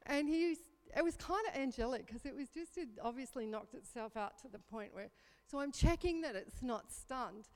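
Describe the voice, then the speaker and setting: Aussie lady in her 50s telling a funny story at church, high clear voice, big hall echo. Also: normal speed, soft background music. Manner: chatty, self-mocking, animated when recounting panic. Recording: reverberant hall.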